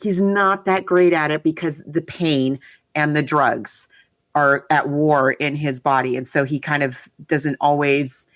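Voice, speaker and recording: A woman co-hosting a podcast, chatting casually and animatedly with quick asides. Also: low-pitched, steady tone, no echo, studio quality. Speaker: podcast co-host. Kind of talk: casual chat.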